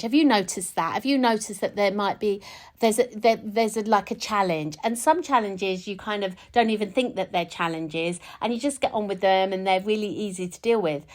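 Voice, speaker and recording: A woman coach talks softly through her week in a solo podcast. Her voice sits at an ordinary middle pitch. She rambles and restarts as she thinks aloud. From United Kingdom. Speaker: podcast host and spiritual coach. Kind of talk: reflective casual monologue.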